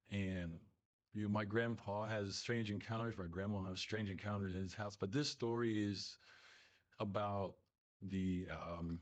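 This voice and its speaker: A man casually telling a family ghost story in a rambling, halting way full of fillers. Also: fairly low pitch. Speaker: listener telling a submitted story.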